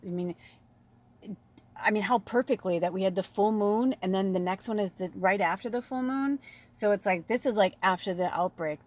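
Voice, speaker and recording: Slight background noise accompanies this woman's lowish, darkish voice as she does a relaxed spiritual card reading. She's a tarot and oracle reader who rambles and chats, addressing viewers directly as "you guys" and reading passages from the cards before riffing on them.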